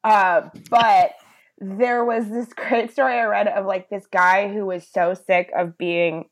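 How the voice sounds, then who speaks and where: A woman's voice: mid-range voice, takes it slowly. Sarcastic woman telling a story. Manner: sarcastic, swears, animated storytelling. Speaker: panelist. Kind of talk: casual political chat.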